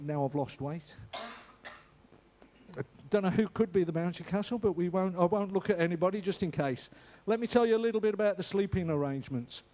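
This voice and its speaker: Warm-toned and fairly high-pitched, this man's voice carries an informal church notice full of chatter and jokes. He frequently trips over his words and starts sentences afresh.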